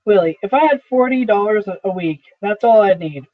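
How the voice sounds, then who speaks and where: A worn-out older salesman in his sixties begs and insists, as a man reads him in a fairly high voice. The sound is thin and phone-like, with no room echo at all. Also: animated, a little fast. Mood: pleading. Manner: pleading, insistent. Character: aging desperate male traveling salesman. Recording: dry, tinny phone-like sound.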